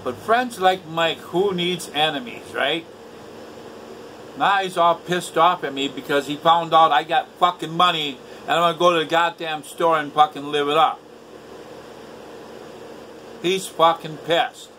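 A man's voice: fairly high pitch, unhurried, long pauses, pushed and bright, a little hiss or hum, low-quality recording. Profane bitter man ranting at home. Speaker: vlogger. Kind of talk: angry rant to camera. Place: indoors at home.

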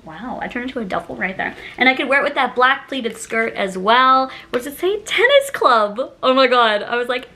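A woman's voice: a little high, expressive, normal speed, few pauses, pushed and bright. A young woman chatting casually through a shopping haul, bubbly and self-mocking, often breaking into giggles. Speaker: vlogger.

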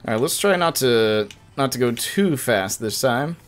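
A young man chatting through a live game stream, his voice leaping up and down as he jokes and gets riled at the game. He talks at a middle pitch, casual and playful. Faint game music plays underneath. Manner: animated, jokey, quick outbursts of frustration at the game.

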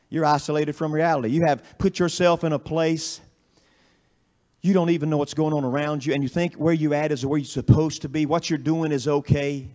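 A man preaching a camp meeting sermon, swinging from quick, low asides up into chanted, shouted peaks. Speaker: pastor. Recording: radio broadcast of live sermon.

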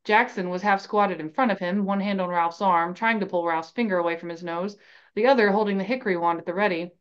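On a slightly muffled-sounding recording, a podcast host with a mid-range voice narrates a fan novel. She's a woman who tells the story in a steady, even manner.

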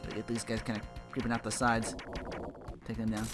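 A man's voice: fairly low pitch, monotone, brisk. A man giving casual, rambling gameplay commentary, cursing freely and cracking jokes as he plays. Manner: rambling, profane, joking asides. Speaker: let's play host. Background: game music.

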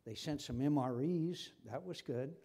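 A man's voice: on the high side, moderate pace, mellow. An older man with an American accent, answering an interviewer's questions at a public forum, growing impassioned and repeating himself when stirred. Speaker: senator being interviewed. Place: lecture forum before an audience.

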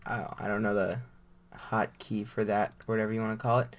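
A man's voice: fairly low pitch, little pitch movement, brisk. A man giving casual gameplay commentary, rambling and thinking aloud as he plays. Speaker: gamer.

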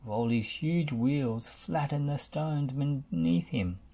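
A woman's voice: very deep voice, slow, warm tone, breathy edge. A woman reading a picture book aloud to a child, patiently answering questions between pages. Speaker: reader.

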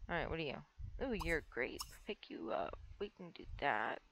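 Young woman, stuffy nose, low gravelly voice, lively swings, casual rambling let's play commentary. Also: normal speed, low-quality recording. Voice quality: rambling, filler-heavy, talks to the game characters. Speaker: gameplay streamer.

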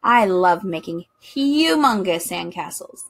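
A woman hosting a children's storytime, reading a picture book aloud in a bubbly, expressive way and talking directly to the kids. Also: fairly low pitch, slow pace.

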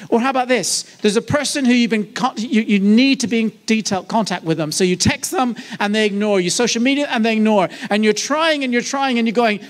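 A man preaching to a church congregation in a lively, conversational way, joking and asking the audience questions. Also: high-pitched, brisk, few pauses. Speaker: guest preacher. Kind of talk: sermon. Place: church service.

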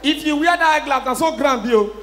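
A man with a Nigerian accent doing a stand-up comedy routine, mixing pidgin English and shouting his punchlines. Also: very high-pitched, a little fast, a little hiss or hum. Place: live show venue with audience. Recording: echoey hall, long reverb.

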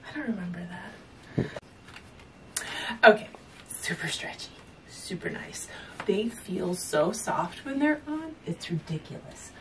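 A woman's voice: mid-range voice, sing-song, a little slow, pauses often, recorded from a distance, background noise. A woman chatting casually in a home vlog, rambling and laughing often as she shows off her purchases. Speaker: fitness vlogger showing purchases. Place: at home, indoors.

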